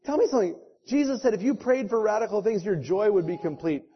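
A man preaching with real fire, his fairly high voice swinging between urgent calls and hushed, earnest prayer. The recording is dull and lo-fi, like a church sermon taped and passed along. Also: lively intonation, fairly quick. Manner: impassioned preaching, rising loud exhortations then hushed prayer. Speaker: pastor.

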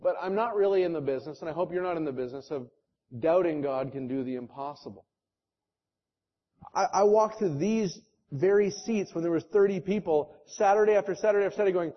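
A male pastor preaching an impassioned sermon that moves between loud, urgent exhortation and quiet, earnest prayer. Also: sits high, animated, normal speed, pauses often. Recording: dull lo-fi sermon recording.

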